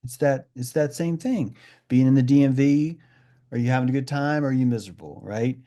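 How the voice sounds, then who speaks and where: A man's voice: medium pitch, brisk, mellow. A man in a casual group discussion, talking intensely with lots of swearing and acting out quoted voices. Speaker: discussion participant.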